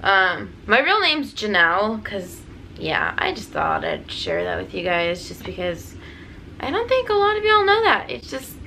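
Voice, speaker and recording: Rambling young woman with a gravelly, lively voice. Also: medium pitch, unhurried, slight background noise, low-quality recording. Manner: rambling, jokey, lots of fillers. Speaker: DJ and YouTuber. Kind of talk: casual Q&A vlog.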